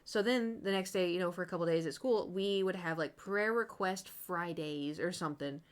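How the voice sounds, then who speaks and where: A woman's voice: on the low side, normal speed. Young woman just chatting on stream, rambly storyteller, talks back to chat a lot. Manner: rambling storytelling with many likes and asides to chat. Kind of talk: casual chat while painting on stream.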